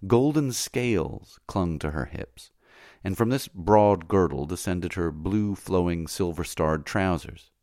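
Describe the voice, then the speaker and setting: A man narrating a literary novel as an audiobook, reading slowly and in a measured way that often drops to a hush. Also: low-pitched, expressive, no room sound, studio quality. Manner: slow, measured, often hushed.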